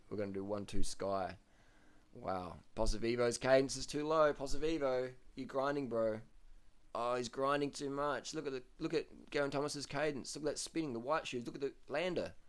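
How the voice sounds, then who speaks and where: A man giving casual, blunt commentary over race footage, swearing freely, repeating himself and getting loud when worked up. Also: medium pitch, steady tone, normal speed.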